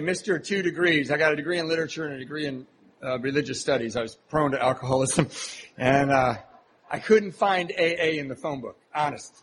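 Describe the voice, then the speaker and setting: A man with a slightly higher than usual voice tells his recovery story to a live crowd at a meeting. He mocks himself with a comic touch and acts out the other people's voices. A faint hum of the hall sits behind him. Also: a bit bright. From Southern California. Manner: humorous, self-mocking storytelling with acted-out voices. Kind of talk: personal recovery story told to a live audience. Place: meeting hall before an audience.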